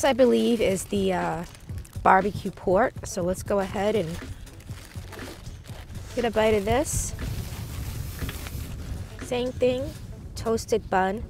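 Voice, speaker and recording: A woman co-hosting a food vlog outdoors, tasting sandwiches and describing them in an upbeat, easygoing way. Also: medium pitch. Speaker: food vlogger. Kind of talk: casual food review.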